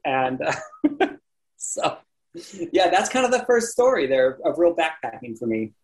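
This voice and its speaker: A man guesting on a podcast, telling a backpacking story in a casual, animated way, acting out other people's lines and often laughing. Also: a little high, unhurried, poor audio. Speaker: podcast guest, landscape photographer.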